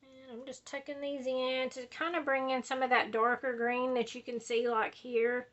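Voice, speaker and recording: A woman's voice: high-pitched, little pitch movement, normal speed, fairly bright tone, highs cut off. A woman, chatting casually and rambling while she does a scrapbooking project at home. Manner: chatty, drawling, says y'all and like a lot. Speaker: scrapbooking video host.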